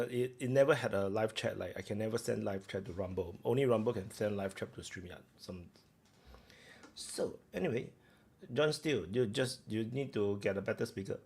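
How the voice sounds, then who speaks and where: Chatting with his viewers, a live-stream host rambles along with plenty of fillers and restarts to fill the gaps. His voice sits on the low side and sounds a little mellow.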